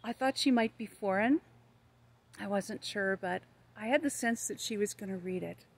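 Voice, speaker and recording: A woman's voice: medium pitch, moderate pace, vocal fry. Older American woman, earnest street evangelist telling her stories, filmed outside on a hot day. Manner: earnest, storytelling with quoted dialogue. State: hot, red-cheeked in a heat wave. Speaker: evangelist vlogger. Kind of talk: casual testimony vlog. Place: outdoors in the shade of a tree.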